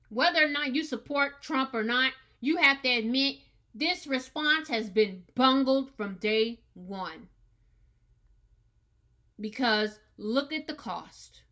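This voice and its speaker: A woman's voice: a little high, animated, takes it slowly, pauses often, sharp tone. A woman hosting a podcast, giving an earnest opinion monologue with emphatic, repeated words. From United States. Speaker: podcast host.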